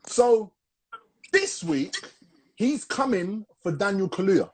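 A man's voice: high voice, sing-song, slow, a little mellow, slightly rough. A young man, co-hosting a casual podcast chat, rambling with restarts and calling people "bro". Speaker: podcast co-host.

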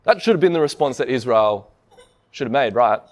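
A man's voice: medium pitch, expressive, fairly quick. A man preaching a sermon in a conversational way, often asking the listeners rhetorical questions.

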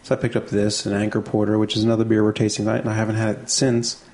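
A man's voice: fairly low pitch, monotone, rapid-fire, a little mellow. A man co-hosting a casual beer tasting show, chatting easily and thinking aloud with small restarts. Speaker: co-host.

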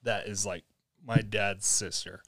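Telling a long story in a casual chat, a young man laughs often and acts out the people in it with animated, quoted voices. He speaks at a measured pace in a lowish voice, recorded in clean studio sound without echo.

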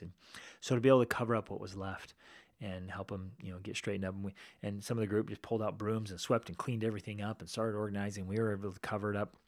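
A man with a lowish voice, recorded dry and at studio quality, hosts a podcast. He tells a personal story casually and in an animated way, acting out the voices of the people in it.

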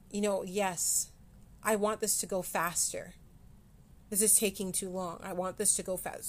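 Brief: woman hosting a personal podcast, candid and self-mocking, halting delivery, emotion just beneath the surface. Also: mid-range voice. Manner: candid, self-deprecating, halting with fillers and restarts. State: close to tears at times. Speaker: podcast host. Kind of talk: personal mental health podcast.

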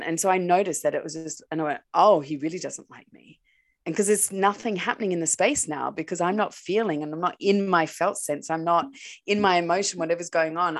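A woman with a somewhat low-pitched voice tells a personal story in a casual conversation. She giggles often and talks in loose, filler-filled bursts. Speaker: relationship coach. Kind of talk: casual podcast chat.

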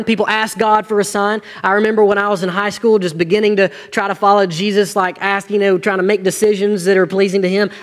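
A man's voice: sits high, in a large hall. A man, preaching a sermon to his congregation with earnest, rising and falling intensity. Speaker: pastor.

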